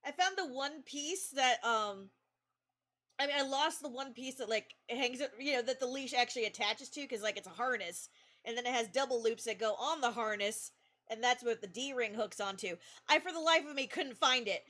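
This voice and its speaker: A woman's voice: a little high, normal speed, a bit bright. A young woman streamer chatting casually, giggling often and rambling through her stories. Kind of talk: casual chat.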